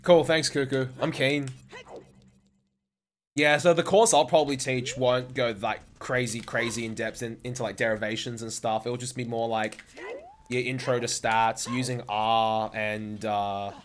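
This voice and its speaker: A man's voice: medium pitch, fairly even intonation, unhurried, a little hiss or hum. A young man, chatting casually and swearing often while playing a game on a live stream. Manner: swears often, rambling anecdotes with fillers.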